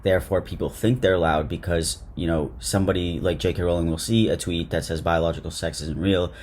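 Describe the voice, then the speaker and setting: A man's voice: low voice, fairly even intonation, a little fast, darkish tone, slight background noise. A man talking casually to his viewers in a commentary vlog, with a sarcastic, joking manner. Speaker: video creator.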